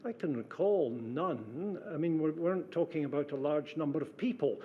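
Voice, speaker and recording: Measured older man giving testimony. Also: fairly high pitch, phone-quality sound, slight background noise. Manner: measured, precise, hesitant with fillers. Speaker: witness, former civil servant. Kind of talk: formal inquiry testimony.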